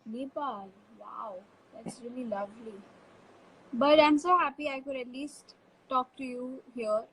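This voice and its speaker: A woman's voice: high-pitched, a little slow, breathy edge, low-quality recording. A woman hosting a casual live stream, chatty and upbeat, reading fan comments aloud into a phone.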